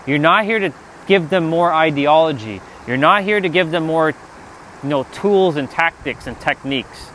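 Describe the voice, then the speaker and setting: A man in a casual spiritual monologue, animated and swearing, talking back to God in mock dialogue. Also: on the high side, normal speed, slight background noise. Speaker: spiritual vlogger.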